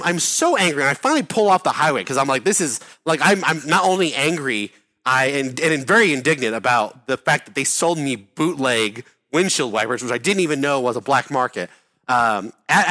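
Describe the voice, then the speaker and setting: A man's voice: on the high side, bright, forceful tone. A man telling a rambling story in casual chat, full of fillers, restarts and swearing.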